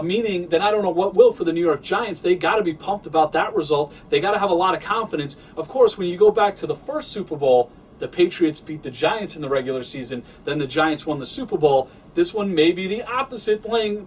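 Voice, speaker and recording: A young man hosting a sports web show, giving steady, analytical football breakdowns. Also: sits high, brisk, few pauses, distant mic, slight background noise.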